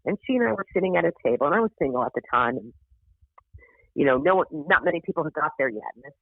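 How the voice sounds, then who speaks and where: A woman stand-up comedian, a podcast guest, telling a story in casual chat. She is animated, swears freely, and acts out the voices of the people in her story. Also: sits low, quick pace, dry recording. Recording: tinny phone-like audio.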